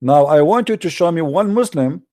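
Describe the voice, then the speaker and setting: A man's voice: on the high side, expressive, moderate pace, mellow. A man hosting a heated religious debate in non-native English, combative and mocking, often repeating himself. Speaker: debate show host.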